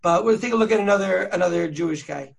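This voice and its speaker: Man, high voice, gravelly, casual slangy podcast host, rambling teacher. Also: fast talker. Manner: chatty, slangy, full of fillers and restarts. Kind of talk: casual learning chat.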